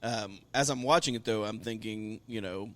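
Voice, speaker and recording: A man's voice: lowish voice, normal speed, dry recording. Profane middle-aged man recapping wrestling. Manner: profane, animated storyteller. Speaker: podcast co-host. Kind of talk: casual wrestling recap chat.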